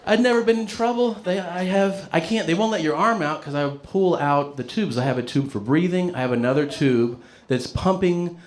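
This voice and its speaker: A man doing stand-up, telling a story in a lively, profane way and laughing as he goes. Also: fairly high pitch, normal speed. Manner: animated, profane, laughing through his story. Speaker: stand-up comedian.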